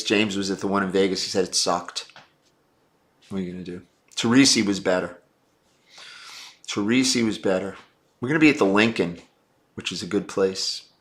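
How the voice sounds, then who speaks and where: A man's voice: lowish voice, pushed and bright. A man hosting a casual live stream, answering viewer chat in a blunt, brash and profane way.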